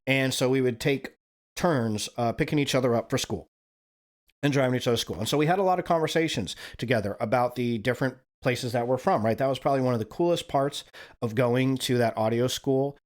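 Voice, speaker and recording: A stream host from Wyoming speaks briskly in a mid-range voice. He tells a rambling, casual, profane story, tacking "right?" onto his sentences again and again.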